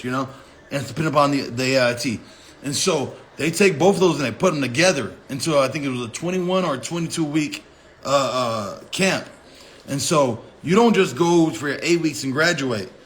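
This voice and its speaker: A man in his thirties spins a personal story in an easy, profane, conversational flow. His voice sits a little higher than most men's, and he talks like he's catching up with friends. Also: fairly bright tone. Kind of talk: casual spoken storytelling.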